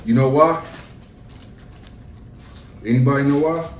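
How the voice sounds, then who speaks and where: A man's voice: mid-range voice, measured pace, reverberant, recorded from a distance, poor audio. Man, class teacher, casual talk, questions to the group, faint background noise. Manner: asks questions of the room, plain casual speech. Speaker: teacher leading a scripture class.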